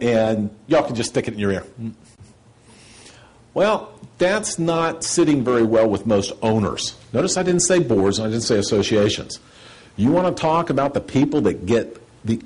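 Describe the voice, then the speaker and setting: A man giving a seminar lecture, blunt and sarcastic, acting out quoted questions in a higher voice. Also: darkish tone, slightly rough, low-quality recording.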